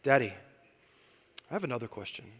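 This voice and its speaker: A man quoting his six-year-old daughter in a soft, serious, hushed voice while preaching. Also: medium pitch, very animated, brisk, slightly rough, in a large hall, pitched below the performer's own voice. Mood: hushed earnest. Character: earnest little girl, six years old.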